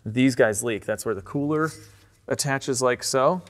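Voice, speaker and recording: An upbeat man talks through a repair job in a casual, joking way and breaks into excited whoops now and then. His voice sits at a middle pitch. The garage gives everything a long, ringing echo. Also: a little slow. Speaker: host and car mechanic. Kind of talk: casual repair vlog commentary. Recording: echoey garage reverb.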